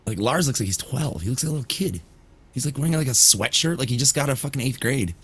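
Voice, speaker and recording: A man's voice: mid-range voice, animated, fast, a bit bright, breathy edge. A man in casual group chat who swears freely and laughs often.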